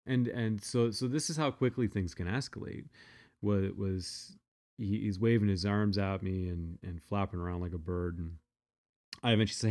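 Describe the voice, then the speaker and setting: A man's voice: fairly low pitch, steady tone, normal speed, darkish tone. A man telling a personal story in a casual, blunt, profane way, often restarting his sentences.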